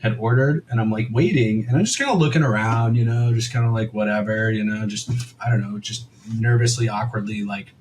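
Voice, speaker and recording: A man's voice: lowish voice, a little fast, darkish tone, slight background noise, poor audio. A young man co-hosting a podcast, telling a story in a rambling, casual way full of "like" and quoted asides. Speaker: podcast co-host.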